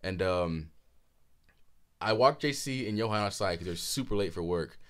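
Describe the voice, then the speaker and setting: A man in his twenties co-hosting a podcast, telling a story animatedly with frequent laughter and swearing, a bit hoarse. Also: lowish voice, expressive, normal speed, a bit bright. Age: 20s. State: hoarse throat. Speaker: podcast co-host. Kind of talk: casual chat.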